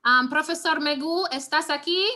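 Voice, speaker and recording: A woman's voice: high voice, normal speed, pushed and bright. A woman with a Jamaican accent leading an online Spanish class, encouraging her students and mixing English with Spanish. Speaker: teacher leading the workshop.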